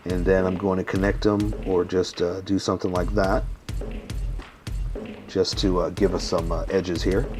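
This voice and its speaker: Man talking through a drawing tutorial. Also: on the low side. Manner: rambling, narrates each stroke with many fillers. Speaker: drawing instructor. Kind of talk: casual step-by-step drawing tutorial.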